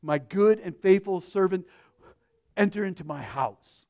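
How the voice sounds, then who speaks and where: A man preaching acts out God the Father as a joyful male figure, welcoming a believer home with rising excitement. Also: high voice, measured pace. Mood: overjoyed.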